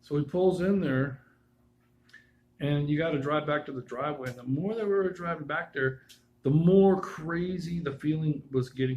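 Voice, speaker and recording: A man's voice: on the high side, darkish tone, rough recording. Rambling man telling a spooky story. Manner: rambling, loose, full of asides and restarts. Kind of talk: casual personal storytelling.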